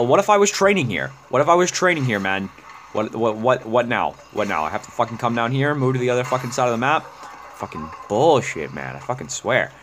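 Man, gameplay rant, lively swinging pitch, cursing and exasperated, noisy background. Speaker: gaming YouTuber.

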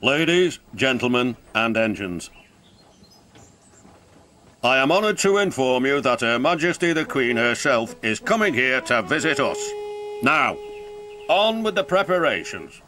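A man's voice: medium pitch, very animated, a little slow, pauses often, pushed and bright, a little hiss or hum. A man with a British accent voicing a stern, formal male railway boss in a storybook tale. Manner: formal, commanding.

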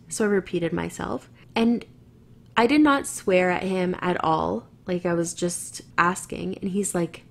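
A woman's voice: fairly low pitch, measured pace. Canadian woman ranting her story to the camera, swears a lot, keeps restarting sentences. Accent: Canadian English. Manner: chatty and rambling, swears freely, restarts sentences. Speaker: vlogger telling her own story.

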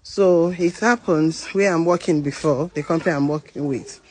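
A woman's voice: low-pitched, moderate pace, husky, rough recording. A Nigerian woman with a Nigerian accent, casually telling a personal work story in a mix of Pidgin and English, acting out the people she quotes. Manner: animated, mimics voices in quotes. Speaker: nurse sharing her story.

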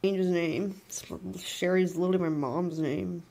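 A woman's voice: fairly low pitch, steady tone, normal speed, mellow. A woman streamer, heard in a played clip, venting bluntly and bitterly with heavy swearing.

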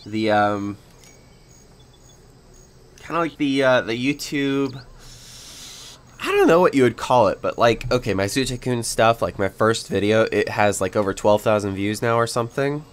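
A man's voice: medium pitch, normal speed, pauses often, clean tone. A young man hosting a casual game video, rambling with lots of fillers and little laughs. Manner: rambling, filler-heavy, giggly. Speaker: gaming YouTuber. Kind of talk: casual let's-play chat.

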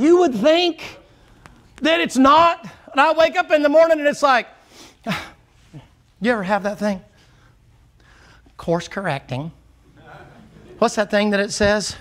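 A man, a pastor preaching a folksy, joking sermon that swings between loud and low. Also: expressive, a little slow, pauses often.

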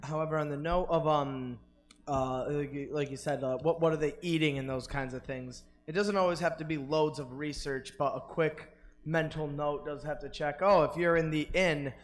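A man with a fairly high voice, telling stories from running games. He speaks as a panelist with plenty of hesitant fillers. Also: fairly even intonation, moderate pace. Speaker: convention panelist, game master. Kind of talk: casual panel discussion. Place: large convention hall.

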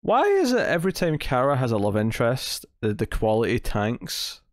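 A Scottish man co-hosts a casual TV review podcast, speaking bluntly with a sarcastic edge and lots of quick restarts. His voice sits at an ordinary middle pitch. The sound is dry and close, with no room around it. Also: huge pitch swings, dry recording. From Scotland. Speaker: podcast co-host. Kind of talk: casual chat reviewing TV episodes.

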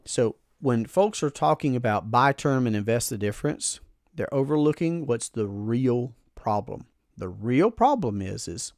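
A man's voice: medium pitch, darkish tone, no echo, clean studio sound. A man hosting a podcast, explaining a finance idea in an earnest, emphatic way and often repeating his phrases. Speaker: podcast host.

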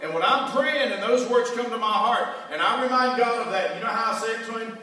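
A man's voice: extremely high pitch, brisk, pushed and bright. A male pastor preaching a conversational sermon in a church and calling out questions to the congregation. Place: church sanctuary. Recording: echoey church hall from far off.

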